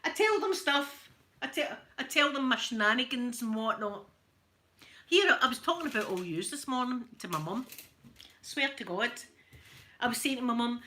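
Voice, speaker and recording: A woman's voice: fairly high pitch, lively intonation, normal speed, sharp tone. A woman with a Glaswegian accent chatting casually at home while ironing, jokey and laughing often. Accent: Scottish, Glaswegian. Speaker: ASMR creator. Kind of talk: casual chat.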